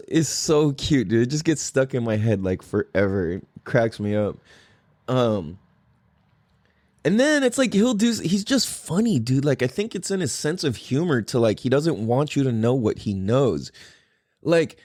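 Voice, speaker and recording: Young man, podcast host, lively swooping pitch, dry close sound, laughs often. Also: moderate pace, dry recording. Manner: animated, swearing, laughs a lot. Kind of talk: casual chat.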